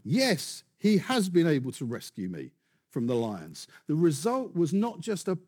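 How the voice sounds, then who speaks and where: A man preaching a sermon with animated, building emphasis and rhetorical questions. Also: fairly high pitch, slightly rough.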